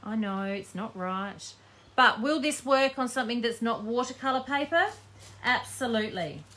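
A woman's voice: on the high side, expressive, moderate pace, a bit bright. A woman giving a live painting tutorial, chatting casually and thinking aloud as she works. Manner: chatty, thinking aloud while working, frequent ums. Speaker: craft demonstrator.

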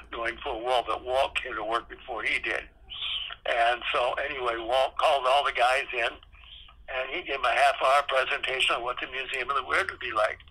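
His voice mid-range, pushed and bright with a breathy edge, a retired theme park designer in his eighties reminisces as a podcast guest. He candidly tells salty anecdotes and plays out old conversations, though the audio is poor.

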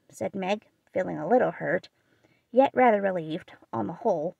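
A woman narrating a classic novel as an audiobook, with a steady, expressive reading. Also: lowish voice, moderate pace, gravelly, husky, no room sound, muffled recording. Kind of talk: scripted narration.

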